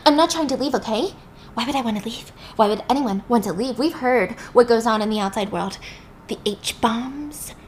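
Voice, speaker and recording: A woman's voice: a little high, normal speed, a little hiss or hum, close to an everyday voice. A woman doing a manic male asylum patient. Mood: urgent. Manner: urgent, rambling.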